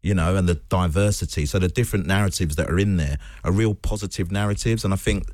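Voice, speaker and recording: A man's voice: low voice, fast, darkish tone, no room sound, studio quality. A man, a guest on a radio show, speaking in an earnest, thoughtful way. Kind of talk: casual radio chat.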